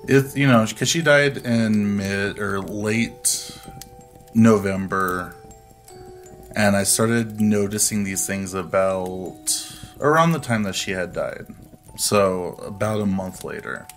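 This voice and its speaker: A man's voice: lowish voice, slow pace, faint music behind. A man telling a personal story as a podcast guest, in a laid-back, profane way. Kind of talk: casual storytelling.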